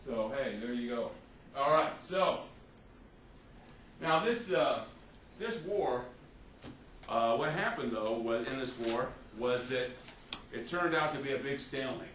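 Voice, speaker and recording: A man's voice: mid-range voice, expressive, slow, long pauses, a bit bright, slight background noise. A male history teacher giving a conversational classroom lecture, often checking in with "you see" and "right?" as he talks. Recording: roomy, distant, faint ambience.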